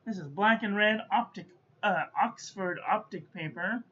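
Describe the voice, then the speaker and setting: A woman's voice: mid-range voice, moderate pace, a bit bright, husky. A woman giving a casual stationery review, muttering to herself and playfully scolding as she goes. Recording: dull lo-fi audio with faint background noise.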